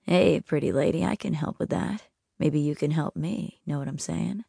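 A leering male stranger, played by a woman narrator in an audiobook, speaking low and hushed with a sleazy edge. The voice sits on the low side and is recorded close and dry, with no room around it. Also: moderate pace, gravelly, slightly rough, no room sound, exaggerated voice.

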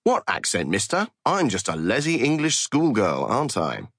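A man reading an audiobook, voicing a crude male podcast host who puts on a high, leering fake Cockney schoolgirl voice. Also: huge pitch swings, normal speed, fairly bright tone, breathy edge, no room sound, clean studio sound, exaggerated voice. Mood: leering, mocking. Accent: put-on Cockney. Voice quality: high mocking falsetto, leering.

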